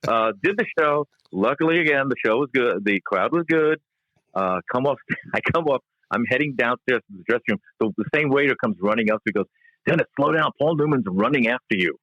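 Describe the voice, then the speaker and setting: A man, a comedian and musician, telling a backstage anecdote in a podcast interview with laughs and halting restarts. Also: medium pitch, no room sound. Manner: animated storyteller, laughs often, halting restarts. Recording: dull, lo-fi, dry sound.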